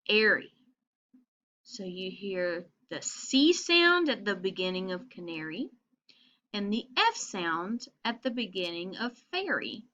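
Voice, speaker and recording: A woman teaching preschoolers, reading a picture book aloud and slowly coaxing them to find rhyming words. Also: medium pitch, pushed and bright, lo-fi sound. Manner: slow, encouraging, coaxing children to find rhymes. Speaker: pre-K teacher. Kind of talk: children's read-aloud lesson.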